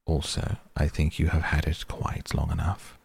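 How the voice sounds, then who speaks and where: A man voicing a grave, watchful old male wizard who speaks in a quiet, measured way. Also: rumbling low, completely flat delivery, vocal fry, breathy edge, dry recording, exaggerated voice.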